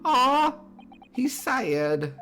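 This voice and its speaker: A man voicing a cheerful, bubbly young girl who sounds bright, eager and sing-song. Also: high-pitched, sing-song, moderate pace, soft background music, pitched above the performer's own voice, heavily acted.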